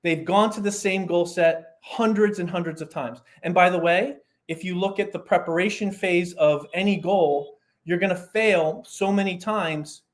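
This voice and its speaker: Aussie coach guy chatting on a podcast, bit higher voice, tells stories with lots of asides. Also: normal speed, few pauses. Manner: animated storyteller, explains with examples and asides. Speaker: performance coach guest. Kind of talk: casual podcast conversation.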